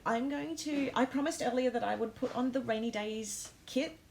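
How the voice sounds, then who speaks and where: A woman's voice: fairly high pitch, moderate pace, vocal fry, darkish tone, a little hiss or hum, poor audio. A woman hosting a live stream, chatting casually with viewers, full of ums and close to tears. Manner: emotional, many ums, talks to comments. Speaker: host of a planner live stream.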